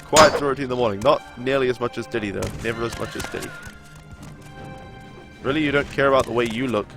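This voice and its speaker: A man's voice: medium pitch, fast talker, over loud music. A young man with a nasal voice and a sore throat, chatting casually as he streams a game and answers his viewers. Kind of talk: casual chat during a live game stream.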